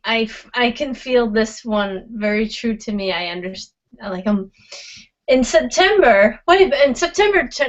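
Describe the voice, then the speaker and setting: Woman participant, very unhurried and hesitant, slightly dull video-call audio. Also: on the high side. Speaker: discussion participant. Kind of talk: casual personal sharing.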